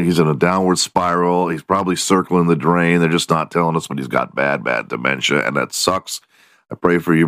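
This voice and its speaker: A man's voice: low voice, no echo. A man hosting a comedy podcast, swearing freely and laughing at his own jokes. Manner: profane, laughs at his own jokes, slips into mock voices. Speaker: podcast host. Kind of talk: crude comedic news rant.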